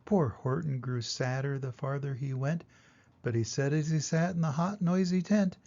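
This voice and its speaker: An older grandfather reading a rhyming children's book aloud in a sing-song way, then giving gentle advice to a child. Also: medium pitch, normal speed. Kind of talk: storybook read-aloud. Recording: lo-fi dull recording.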